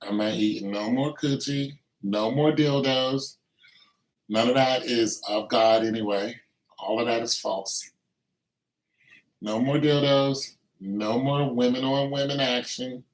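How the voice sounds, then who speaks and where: A man's voice: medium pitch, takes it slowly. A man in a blunt, preachy and joking casual rant, recorded in an echoey room with faint music behind. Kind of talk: casual rant with improvised singing.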